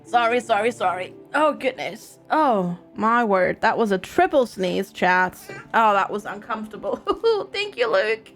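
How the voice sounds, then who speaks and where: A woman's voice: mid-range voice, big pitch swings, a little slow, few pauses, soft background music. A woman streaming a video game, chatting casually with her viewers, giggling, and reading in-game books aloud. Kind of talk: casual gameplay commentary.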